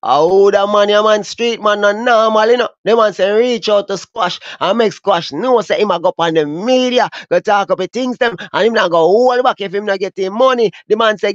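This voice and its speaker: Jamaican male host, fairly high voice, excitable patois commentary, dry dull home mic. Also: moderate pace, hardly any pauses, no echo. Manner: animated, repetitive street slang, exclamations. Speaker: dancehall news host. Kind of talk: reaction commentary on a clip.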